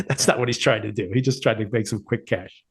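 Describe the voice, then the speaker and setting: Relaxed man reviewing a TV show. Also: fairly low pitch, a little fast, vocal fry. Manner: thoughtful, relaxed, chuckles often. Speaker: podcast co-host. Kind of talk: casual TV review chat.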